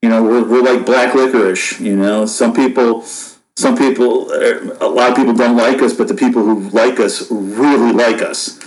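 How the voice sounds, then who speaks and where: A man in his fifties from upstate New York, a podcast guest telling stories in a relaxed, rambling way with lots of fillers. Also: medium pitch, normal speed, low-quality recording. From Buffalo, New York, USA. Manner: rambling, laid-back, many fillers and restarts. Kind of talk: casual storytelling chat.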